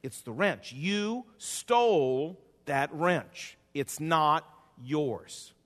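A preacher voicing a hushed, stern divine voice. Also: male voice, very animated, big-room sound, full character voice. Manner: hushed, slow and low. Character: the Lord, a quiet, stern divine voice.

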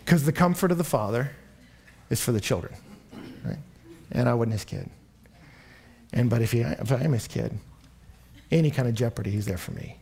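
A young man preaching a sermon from Texas, telling stories in an animated way and closing in prayer. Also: medium pitch, moderate pace, vocal fry, long pauses, slight background noise. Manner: animated storytelling, rising and louder in anecdotes.

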